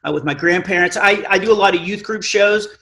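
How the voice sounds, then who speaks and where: A middle-aged man with a naturally high voice telling a self-mocking comic story on stage, acting out the dialogue. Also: fairly quick, bright, forceful tone. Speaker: Christian comedian. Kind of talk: stand-up storytelling. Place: live event stage.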